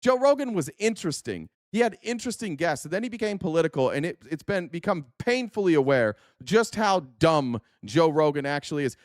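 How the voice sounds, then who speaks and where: A man with a notably high speaking voice launches into a furious, profane political rant, hurling insults at the clips he reacts to. The sound is dry and close, with hardly any room around it. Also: very animated, brisk, few pauses, no echo. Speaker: podcast host.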